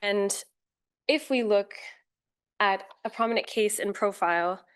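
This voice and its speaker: A woman giving a formal, measured academic talk as a conference panel speaker, with occasional fillers and self-corrections. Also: mid-range voice, clear, resonant tone.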